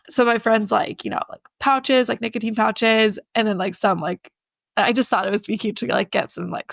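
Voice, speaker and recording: A woman's voice: a little high, creaky, no echo, studio quality. A young woman co-hosting a podcast in casual chat, with a groggy morning voice and lots of "like" fillers. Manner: chatty, filler-heavy with lots of "like". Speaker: podcast co-host.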